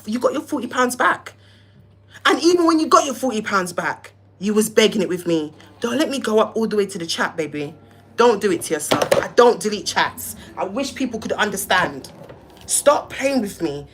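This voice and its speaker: A woman's voice: fairly high pitch, fairly bright tone, breathy edge. A young woman, hosting a livestream and heatedly telling a story, cussing and acting out both sides of phone calls. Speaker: live-stream host.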